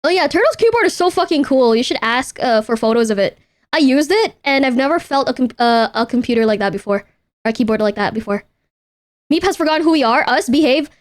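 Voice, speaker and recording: High-voiced chatty young woman streamer. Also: animated, fast talker. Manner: chatty, self-interrupting, playful, swears casually. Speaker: VTuber streamer. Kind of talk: casual livestream chat.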